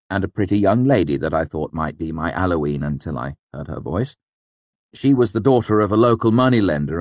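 Brief: male audiobook narrator, lowish voice, expressive first-person reading, dry booth sound. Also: no echo. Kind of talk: scripted narration.

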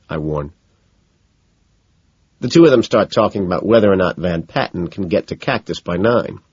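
A man narrating an audiobook in the first person, low-key and dejected. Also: lively intonation, normal speed, long pauses, breathy edge, dry recording. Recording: dull lo-fi sound.

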